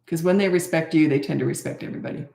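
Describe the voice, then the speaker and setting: A woman's voice: low-pitched, racing, gravelly, dark tone, reverberant. A woman in her sixties, a parenting coach, answering viewer questions in a candid, chatty live Q&A. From Canada. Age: 60s. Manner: candid, chatty, self-deprecating. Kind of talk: live Q&A chat.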